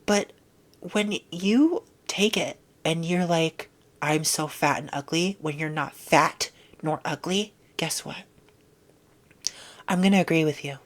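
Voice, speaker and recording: A woman's voice: low voice, slow pace. A young woman vlogger ranting bluntly and sarcastically about things she dislikes, dropping into whispered asides. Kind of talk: casual opinion rant.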